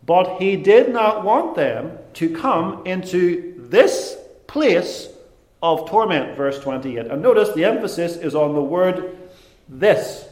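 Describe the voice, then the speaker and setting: A man preaching a sermon, deliberate and emphatic, with dramatic pauses. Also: high-pitched, big pitch swings, darkish tone, roomy sound.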